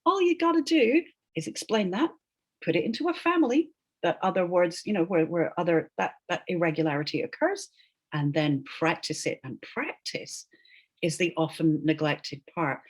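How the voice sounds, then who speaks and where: A woman's voice: lowish voice, moderate pace. A woman who is a linguist, giving emphatic, explanatory answers as an interview guest and often tagging her points with "right?". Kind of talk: animated explanatory interview talk.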